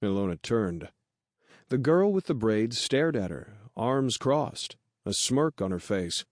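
A man narrating an audiobook in a steady, measured storytelling voice. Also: mid-range voice, no echo, clean studio sound.

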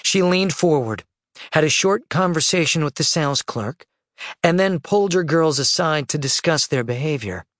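A man narrating an audiobook in a measured, even storytelling voice. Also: on the high side, no echo, studio quality. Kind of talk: scripted narration.

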